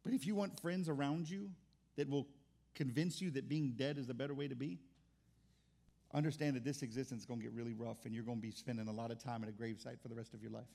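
A man's voice: medium pitch, fairly even intonation, fast talker, vocal fry, warm tone. A pastor preaching a sermon in an impassioned, conversational way, often restarting his words.

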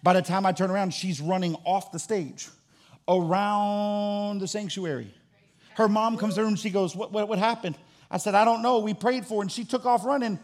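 A male pastor preaching a fervent sermon, swinging from loud calls to hushed asides. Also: sits high, fairly even intonation, normal speed.

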